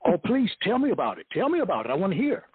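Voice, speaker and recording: Husky, encouraging male radio host. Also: high voice, wildly swooping pitch, fast talker, no echo. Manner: encouraging, soft affirmations. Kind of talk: radio interview. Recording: tinny phone line.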